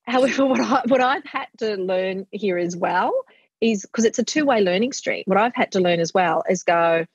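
A woman's voice: medium pitch, moderate pace, husky, no room sound. A middle-aged woman being interviewed in casual chat, animatedly acting out what she tells her kids. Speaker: guest. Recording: muffled dry audio.

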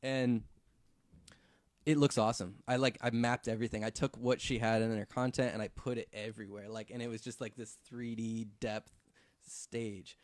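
A man with a medium-pitched voice speaks at a normal pace in a dry recording. He's a visual effects artist telling a story on a casual podcast, relaxed and loaded with fillers and swearing.

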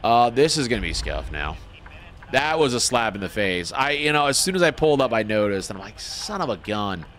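Male streamer, easygoing trucker banter, very lively pitch, faint hiss behind, desk mic at home. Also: a little fast. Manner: laid-back, folksy trucker talk, greets chatters. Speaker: livestream host. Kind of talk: casual gaming livestream chat.

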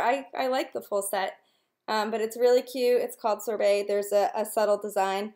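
A woman's voice: mid-range voice, fairly even intonation, normal speed, a little mellow. A young woman talking casually to camera as a nail wrap consultant, chatty and upbeat, with lots of filler ums. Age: young adult. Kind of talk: casual direct-to-camera vlog.

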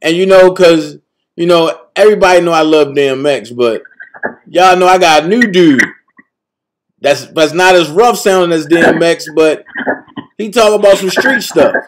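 A man's voice: fairly high pitch, moderate pace. A man hosting a live-stream talk show, speaking in laid-back, slangy street talk. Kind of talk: casual live-stream chat.

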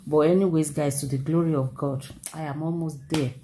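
Mellow-voiced Nigerian woman telling a story. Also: deep voice, brisk, slight background noise. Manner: animated, exclamatory, repeats herself for emphasis. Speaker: vlogger. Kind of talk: casual storytelling to camera.

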